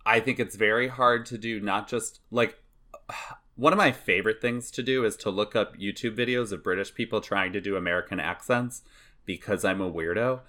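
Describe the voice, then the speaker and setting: A man co-hosting a podcast, chatting casually and giving animated, drawn-out emphasis. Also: on the low side. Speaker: podcast co-host.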